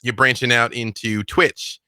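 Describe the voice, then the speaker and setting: A man's voice: medium pitch, flat delivery, measured pace, bright, forceful tone, smooth, no echo, studio quality. A male interview host in casual chat, joking and reassuring, often repeating his phrases.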